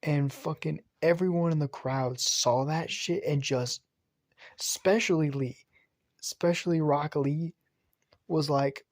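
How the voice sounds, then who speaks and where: A man casually retelling an anime fan story, rambling and excitable, swearing and restarting often. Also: a little high, a little slow, dry recording, studio quality.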